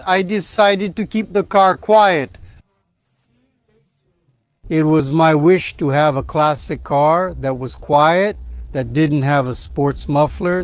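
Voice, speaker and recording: Excitable high-voiced man from Brazil. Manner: enthusiastic, chatty, says man and you know often. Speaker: car vlogger. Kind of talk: casual car vlog.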